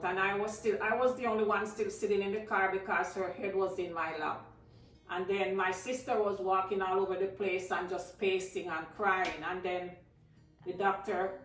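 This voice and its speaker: A woman's voice: mid-range voice, fairly bright tone. A woman from Jamaica, telling a personal story to her viewers in a casual, emotional way and calling them guys. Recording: echoey room, mic at a distance, faint music.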